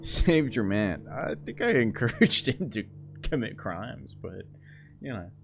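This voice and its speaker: A man's voice: medium pitch, sing-song, measured pace, gravelly, slight background noise. A young man streaming a game, hungover, rambling and laughing through a story. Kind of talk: casual gameplay chat.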